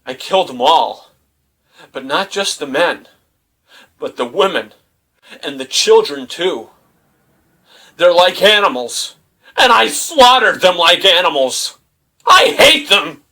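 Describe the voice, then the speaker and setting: A man voicing a whiny, furious young male Jedi, ranting loudly in a raised voice. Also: a little high, sing-song, slow, pauses often, voice pushed up, full character voice.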